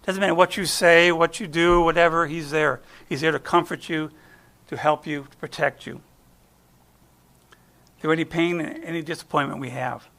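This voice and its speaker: This American guest preacher, middle-aged, talks at normal speed in a sharp tone, his voice a little high and fairly even. His sermon is conversational and folksy, built on personal stories, and he frequently trails off and restarts.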